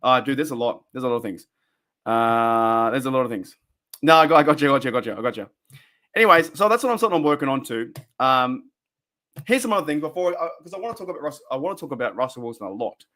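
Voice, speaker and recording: A man's voice: medium pitch, fast talker. Rambling Australian man on a fan stream. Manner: rambling, excitable, talks to chat viewers. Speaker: fan podcast host. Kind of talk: casual live-stream chat. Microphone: desk microphone for a live stream.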